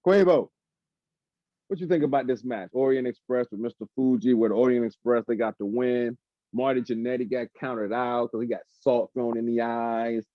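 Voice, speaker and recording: A man's voice: medium pitch, fairly even intonation, moderate pace, dry recording. A man co-hosting a wrestling podcast in casual chat, laid-back and asking his co-hosts questions. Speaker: podcast co-host. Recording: dull lo-fi call audio.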